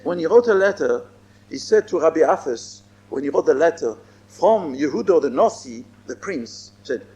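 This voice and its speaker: Emphatic rabbi with lively high voice. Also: male voice. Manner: emphatic, repeats phrases, mixes in Hebrew and Yiddish terms. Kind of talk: Torah lecture.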